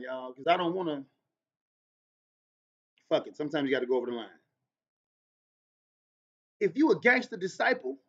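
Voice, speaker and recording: Man, podcast host, high voice, casual storytelling, vernacular speech, big swings in loudness, dull lo-fi audio. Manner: uses Black American vernacular. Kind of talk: casual solo podcast monologue.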